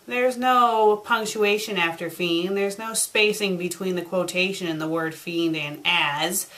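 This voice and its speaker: A woman's voice: fairly low pitch, moderate pace, few pauses, a bit bright. A woman reviewing fan fiction online, sarcastic and exasperated, with heavy sighs. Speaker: fanfic reviewer.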